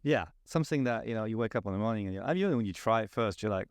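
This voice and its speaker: A man's voice: on the low side, fast, vocal fry, dry recording, clean studio sound. A man, chatting loosely as a podcast guest about his work. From South of France. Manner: rambling, restarts often, animated. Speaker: guest, spirits brand advocacy manager. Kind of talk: casual podcast conversation.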